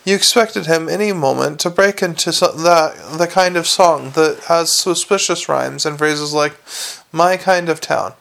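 A man reading a comic fantasy novel aloud, in a wry, steady way with small slips. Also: a little high, moderate pace, gravelly, few pauses. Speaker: audiobook narrator.

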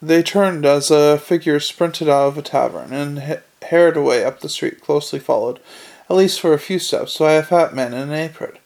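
A man narrating a comic fantasy novel in a dry, measured way. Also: fairly high pitch, vocal fry, darkish tone. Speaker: audiobook narrator. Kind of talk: scripted narration.

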